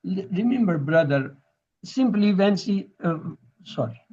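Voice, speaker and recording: A man's voice: sits high, expressive, measured pace, a little mellow. A man teaching Quranic Arabic grammar in a classroom lesson, drilling verb forms and quizzing his students. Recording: dull lo-fi recording.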